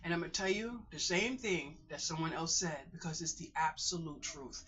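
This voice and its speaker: A woman's voice: sits low, animated, moderate pace, highs cut off, noisy background. A middle-aged woman in pain, giving emphatic, repetitive life advice to her viewers in a casual vlog monologue. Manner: emphatic, repeats phrases, calls viewers "boys and girls" and "honey". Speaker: vlogger.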